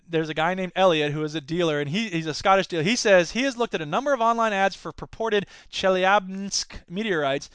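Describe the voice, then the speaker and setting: Bright, crisp comedic podcast man. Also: high-pitched, normal speed, dry recording. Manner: jokey, rambling, slips into silly voices. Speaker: podcast host. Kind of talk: comedic news commentary.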